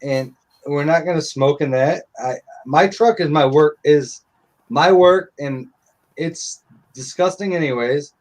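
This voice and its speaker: A man's voice: on the high side, measured pace. A middle-aged man telling stories in casual live-stream chat, blunt and profane.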